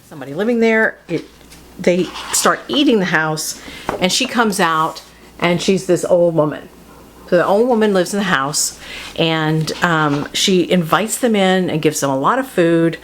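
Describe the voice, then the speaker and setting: A woman's voice: fairly low pitch, measured pace, a little hiss or hum. A woman hosting a casual book talk who chats loosely, often laughs and breaks off mid-sentence. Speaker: host. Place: home studio.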